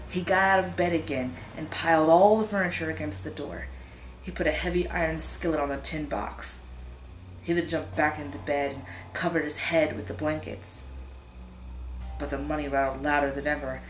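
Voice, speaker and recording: A woman reading a scary story aloud in a suspenseful, drawn-out way, whispering the sound effects. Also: low-pitched. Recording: echoey room with music behind.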